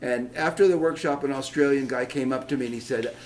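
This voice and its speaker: A man's voice: mid-range voice, brisk, slight background noise. A man who teaches ukulele, from Detroit, telling stories and explaining music in a radio interview. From Detroit, Michigan. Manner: lively teacher, hums and laughs while explaining. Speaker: ukulele instructor, guest.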